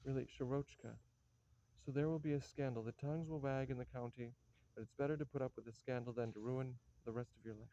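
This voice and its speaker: A man's voice: medium pitch, fairly even intonation, fast talker, mellow, natural voice. An actor playing an aging father who pleads with his daughter and blusters when he cannot follow events, in a stage play reading. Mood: pleading. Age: older. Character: weary aging father, fond but exasperated. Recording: dull lo-fi recording.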